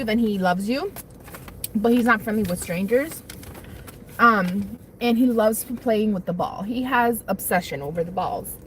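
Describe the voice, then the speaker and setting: A woman's voice: fairly high pitch, slight background noise. Chatty young woman eating on a livestream. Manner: chatty, rambling, eats while talking. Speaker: livestream host. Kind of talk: casual livestream chat while eating lunch. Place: parked car on lunch break.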